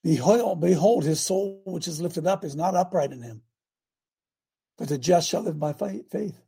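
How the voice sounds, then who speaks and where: A man hosting a preaching broadcast, reading scripture aloud and breaking into fiery, animated asides. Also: on the high side, moderate pace, gravelly, husky. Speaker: radio preacher host.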